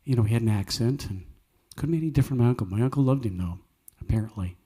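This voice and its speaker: A man hosts a live cafe music night, mixing folksy, earnest storytelling with preaching and jokey asides. He talks very fast in a medium-pitched voice that is dark in tone and slightly rough.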